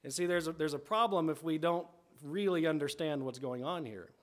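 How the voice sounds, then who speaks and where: A middle-aged man preaching a sermon as a pastor. His voice sits a little on the high side, and he talks in an easy, conversational way. He keeps turning to the congregation as he works through a passage of scripture. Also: fairly quick. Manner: conversational, often asks "right?" and rephrases.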